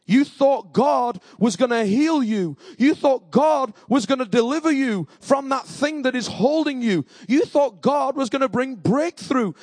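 Brief: male preacher, very high husky voice, dry close sound, impassioned and repetitive. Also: darkish tone, dry recording. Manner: impassioned, repeats phrases, asks the congregation questions. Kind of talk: sermon.

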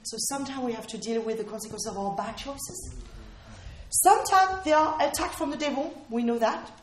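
A woman's voice: on the high side, fairly quick, slight background noise. Woman preaching earnestly in an echoey hall. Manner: earnest, emphatic, repeats key phrases. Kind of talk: sermon. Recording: roomy hall echo.

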